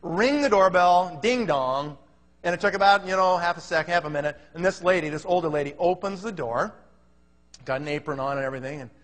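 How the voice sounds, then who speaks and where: Animated storyteller, man, high voice, bright tone, long reverb of a big hall. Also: brisk. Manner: animated, acts out the other voices. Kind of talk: comic storytelling.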